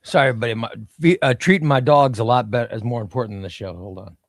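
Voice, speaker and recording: A man's voice: medium pitch, racing. A man chats casually on a comic book livestream from a room at home. His voice sits in a middle register and the sound is dry and close, with no room echo. He rambles, restarts his sentences and answers viewer comments as they come in. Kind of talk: casual live-stream chat.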